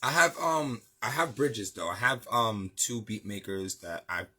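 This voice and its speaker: A man's voice: fairly low pitch, expressive, a little slow, pushed and bright, breathy edge. A man from New City, a music producer chatting casually as an interview guest, laid-back and slangy with lots of fillers. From New York City.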